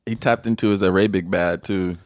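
A man's voice: low-pitched, steady tone, brisk, a little mellow, no room sound, studio quality. A man co-hosting a podcast in casual chat, telling stories, laughing often and getting flustered. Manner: laughing, storytelling, easily flustered. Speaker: podcast co-host.

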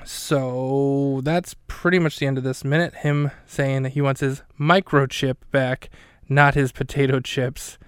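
Male podcast host, mid-pitched, dry self-deprecating recap delivery. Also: level tone, measured pace, smooth, no echo. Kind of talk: comedic recap commentary.

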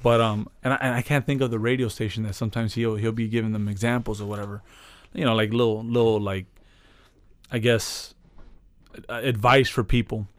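A man's voice: lowish voice, steady tone, brisk, dry recording. A man co-hosting a podcast in casual chat, retelling a story with lots of restarts, fillers and profane slang. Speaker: podcast co-host.

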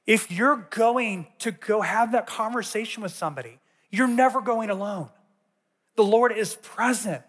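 A man with a fairly high voice gives a sermon in a conversational, storytelling manner. His voice carries a long reverb from a large church auditorium. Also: a little slow, fairly bright tone. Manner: conversational, tells personal stories. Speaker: teacher.

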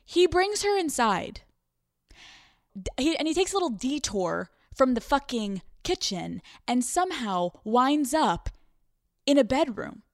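A woman's voice: high-pitched, very animated, unhurried, no echo, clean studio sound. A woman hosting a podcast, telling stories in a brash, profanity-laced comedic monologue. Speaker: podcast host.

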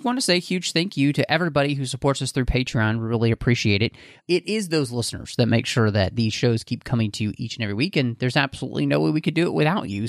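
A man's voice: mid-range voice, dry recording, studio quality. A man hosting a podcast in a casual, chatty way, with frequent fillers as he reads plugs and reminders. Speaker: podcast host.

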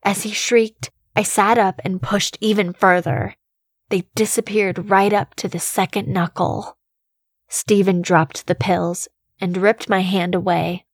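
A woman reading a scripted horror story in the first person, slow and measured, with a quiet tension running through her storytelling. Her voice sits close to the mic in a dry, dead space. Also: mid-range voice, little pitch movement, breathy edge, no echo. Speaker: narrator.

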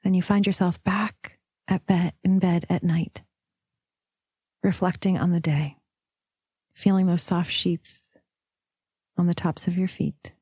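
Soft low breathy woman guiding meditation. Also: no room sound, studio quality. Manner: slow, soft, drifting into whispers; calls listener "sister", affirmations. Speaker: podcast host. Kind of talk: guided meditation.

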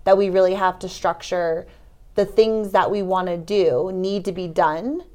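A woman's voice: fairly low pitch, steady tone, measured pace, a little mellow. A woman co-hosting a podcast in casual chat, upbeat and conversational. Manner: upbeat and conversational, teasing her partner. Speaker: podcast co-host.

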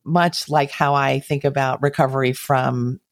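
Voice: mid-range voice, steady tone, dry recording. Thoughtful host with a dry close sound. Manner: thoughtful, measured, summarizing. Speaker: podcast host. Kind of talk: conversational interview reflection.

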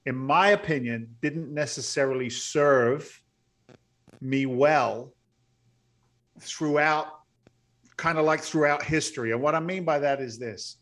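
Brief: middle-aged male guest, blunt storyteller, slightly high voice. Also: measured pace, pauses often. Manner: blunt, salty, animated storyteller. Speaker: podcast guest, real estate investor. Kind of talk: storytelling interview.

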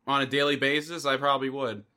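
A man's voice: mid-range voice, steady tone, quick pace, sharp tone. A man in casual podcast chat, joking crudely and laughing often.

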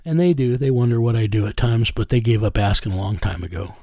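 A man who is a guest in an interview, telling a personal story in an earnest, plain-spoken way and slowing down on emotional moments. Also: fairly low pitch, gravelly, dark tone, dry recording, studio quality.

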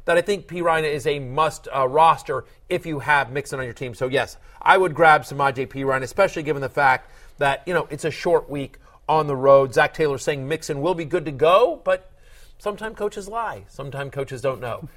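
A man's voice: a little high, normal speed. A middle-aged man hosting a sports podcast, talking casually and joking around. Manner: animated, joking, acts out quotes. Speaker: podcast host.

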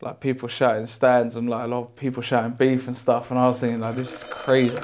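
A man's voice: medium pitch, level tone, fast, background noise. A young man, chatting loosely about a memorable day and often filling with "like". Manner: chatty, with lots of likes. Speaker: professional golfer. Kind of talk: interview recollection.

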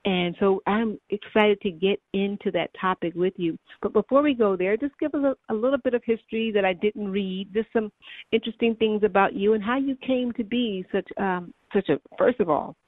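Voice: mid-range voice, moderate pace, dry recording. Upbeat radio show host on the phone. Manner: enthusiastic and encouraging, with some restarts. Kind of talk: radio interview hosting. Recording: dry phone-line audio.

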